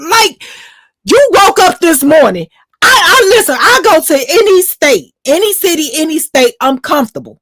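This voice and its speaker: A woman's voice: very high voice, fairly bright tone, dry recording. A woman with a Chicago accent, bluntly telling a jail story in casual stream chat, swearing freely.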